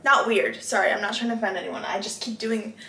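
A woman's voice: mid-range voice, fairly even intonation, fast, pushed and bright, reverberant, slight background noise. A young woman chatting casually into a phone camera, talking about her trip, full of fillers and a little out of breath. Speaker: travel vlogger. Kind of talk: casual vlog chat. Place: hotel room and car.

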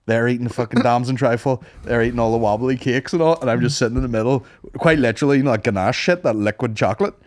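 A man co-hosting a podcast, telling a story with lots of swearing and high-pitched mimicry. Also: fast, hardly any pauses, dry recording. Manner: animated storyteller, swears a lot, mimics people in high voices. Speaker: podcast co-host. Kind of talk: casual chat.

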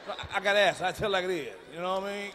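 A middle-aged man doing a profane, blunt stand-up routine, booming out his punchlines live in a large venue. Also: rapid-fire, bright, forceful tone, a little hiss or hum. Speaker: stand-up comedian. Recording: live stage mic in a reverberant arena.

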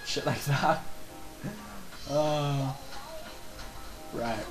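A man's voice: medium pitch, fairly even intonation, very slow, reverberant, music in the background, low-quality recording. A man giving casual, rambling let's play commentary, joking and reading game lines aloud.

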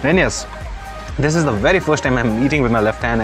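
A man's voice: mid-range voice, lively intonation, a little fast, music in the background. A young man vlogging casually in a cafe. He chats easily, tosses in Nepali and Hindi words and keeps saying bro. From Kalimpong, India. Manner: chatty, mixes in Nepali and Hindi words, says bro a lot. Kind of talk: casual vlog talk. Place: cafe, outdoors and inside.

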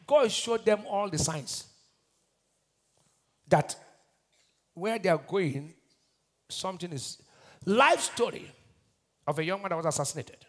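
A Nigerian pastor preaching a sermon, asking the congregation to finish his lines and swinging between shouted bursts and quiet asides. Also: high-pitched, animated, unhurried, long pauses. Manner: call-and-response preaching, asks the crowd to finish his lines.

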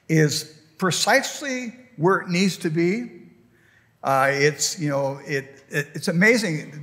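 Folksy pastor with bright hall reverb. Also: male voice, sits high. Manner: folksy, rambling storytelling with many fillers. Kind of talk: sermon. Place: church sanctuary.

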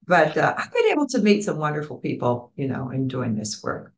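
An older woman, a community program founder, being interviewed and telling stories in an animated way, acting out the voices of people she quotes. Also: sits low, fairly quick. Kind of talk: storytelling interview.

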